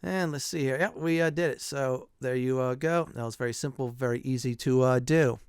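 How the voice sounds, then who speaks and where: A man's voice: mid-range voice, fairly quick, darkish tone, clear, resonant tone, no room sound, studio quality. A middle-aged man giving casual commentary over a video game playthrough, chatty, with lots of "uh" fillers and frequent chuckles. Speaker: gameplay commentator.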